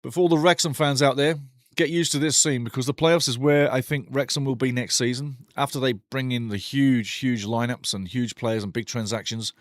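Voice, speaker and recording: A man's voice: medium pitch, steady tone, moderate pace, no echo, clean studio sound. A middle-aged man hosting a live football watch-along, opinionated, ranting and joking as he comments.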